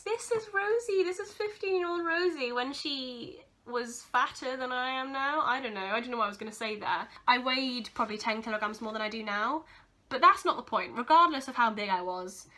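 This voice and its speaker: With a high, bright, forceful voice at normal speed, a young adult woman vlogs casually about her keepsakes. She gushes and giggles, growing teary and sentimental.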